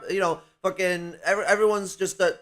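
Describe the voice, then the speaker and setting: Fairly high-voiced, argumentative man. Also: steady tone, moderate pace, fairly bright tone. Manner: argumentative, swears freely, explains at length. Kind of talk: casual political discussion.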